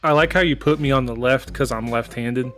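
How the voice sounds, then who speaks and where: Young man, podcast co-host, rambling, casual swearing, mid-pitched voice. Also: brisk, a bit bright, soft background music.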